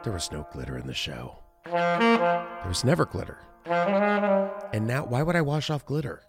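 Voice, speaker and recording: Brief: male comic guest, story-driven, fairly high voice that swoops around a lot. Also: unhurried, over loud music. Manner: animated, acts out every voice. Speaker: comedian guest.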